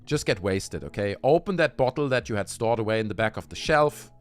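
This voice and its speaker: A man's voice: on the low side, lively intonation, brisk, faint music behind. A man hosting a livestream, ranting heatedly with lots of swearing and talking straight to his chat while drinking. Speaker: livestream host. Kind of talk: casual livestream rant.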